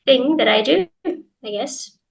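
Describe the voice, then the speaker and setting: A woman's voice: sits high, lively intonation, slow pace, creaky, low-quality recording. A young Scottish woman with a light Glaswegian accent, an English teacher chatting casually as an interview guest with lots of hedges and fillers. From Scotland, Glasgow.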